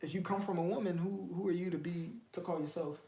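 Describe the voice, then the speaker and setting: A man's voice: high voice, steady tone, fast, creaky, warm tone, echoey room. A man teaching the Bible in a casual, streetwise way, firing off emphatic rhetorical questions.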